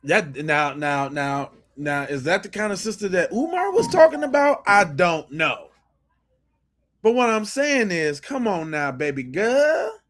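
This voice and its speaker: A man's voice: high-pitched, unhurried. A man hosting a podcast, reacting to clips with emphatic, profane commentary. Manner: animated, emphatic, swears freely. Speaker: podcast host.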